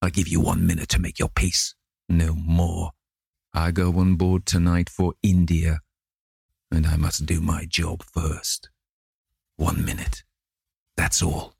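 A man reading an audiobook, voicing a gruff vengeful sailor who speaks in slow, growling threats. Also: low voice, monotone, darkish tone, no room sound, clean studio sound, full character voice. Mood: menacing.

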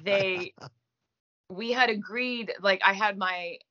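A woman's voice: mid-range voice, slow pace, bright, forceful tone. A woman in her thirties from Quebec whose first language is French, chatting as an interview guest in a self-deprecating way with many fillers. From Gaspé, Quebec, Canada. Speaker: guest actress. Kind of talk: casual interview chat. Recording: muffled lo-fi audio.

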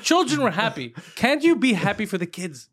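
This man's high, husky voice runs a little fast as he hosts a podcast. He's a lively storyteller who laughs often and peppers his tale with profanity.

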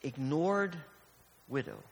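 A man's voice: mid-range voice, huge pitch swings, takes it slowly, gravelly. Man preaching in a reverberant hall. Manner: storytelling with acted-out voices, conversational. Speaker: pastor. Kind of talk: sermon.

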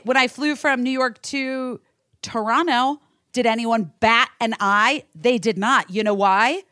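A woman from the United States hosting a podcast, telling a story in a profane, animated rant. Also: on the high side, no echo, studio quality. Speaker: podcast host. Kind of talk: casual podcast chat.

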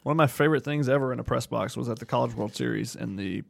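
A man co-hosting a sports podcast, giving relaxed, conversational analysis. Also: mid-range voice, fast talker, gravelly, no echo.

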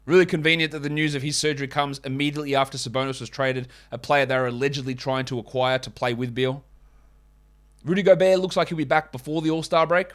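A man's voice: medium pitch, fairly bright tone. A man hosting a fantasy basketball podcast, ranting sarcastically in fired-up sports commentary. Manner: ranting, sarcastic, mocks others in put-on voices.

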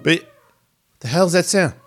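A man's voice: high voice, unhurried, a bit bright. A man hosting a podcast in casual chat, rambling, profane and easily sidetracked, recorded in a home studio. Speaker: podcast host. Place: home studio with a pet cat nearby.

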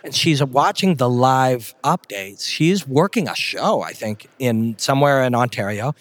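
A man's voice: medium pitch, animated, measured pace. Emphatic, blunt-talking man. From Canada. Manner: emphatic, blunt, salty language. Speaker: guest, fight commentator. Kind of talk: casual interview storytelling.

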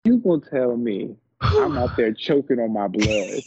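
A man co-hosting a wrestling podcast, incredulous and animated, his pitch leaping around as he retells the show. His voice is husky and mellow. The recording is dry and dull, like a lo-fi mic. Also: measured pace, no room sound. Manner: animated, incredulous, laughs while telling. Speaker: podcast co-host. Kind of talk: casual wrestling recap chat.

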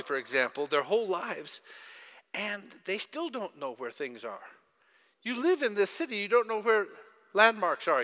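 Casting: bright, sharp-voiced male pastor, storytelling sermon, echoey church hall. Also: high-pitched. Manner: storytelling, asks audience questions.

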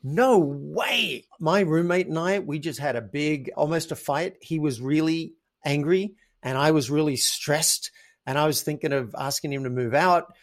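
A man's voice: fairly high pitch, unhurried. A man, a podcast guest who tells stories animatedly and acts out his own quoted thoughts. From Australia. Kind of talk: casual interview chat.

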